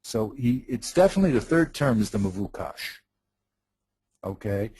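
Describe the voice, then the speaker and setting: A man's voice: fairly low pitch, very animated, moderate pace, mellow, slightly rough, dry recording, poor audio. A man teaching in a study session, patiently explaining a text, repeating himself and checking that his partner follows.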